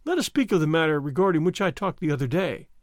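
A man's voice: fairly high pitch, very animated, quick pace, no room sound, studio quality. A man doing a lazy drawling nobleman. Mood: languid. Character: languid idle young nobleman, averse to effort.

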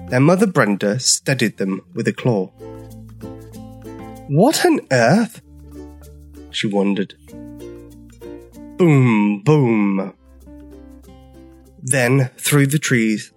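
Male storyteller, children's story, slow pace, animated, gentle reading. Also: medium pitch.

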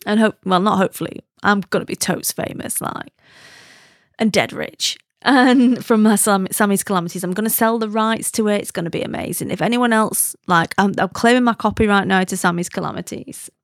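A woman's voice: mid-range voice, a little fast, dry recording, clean studio sound. A woman hosting a podcast in a casual, rambling way, full of slang and self-deprecating asides. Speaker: podcast host. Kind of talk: casual chat.

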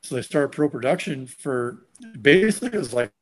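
A man telling a long story in casual conversation, animated and acting out what others said. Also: medium pitch, fairly quick, faint music behind. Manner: animated, acts out quotes of others. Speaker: guest.

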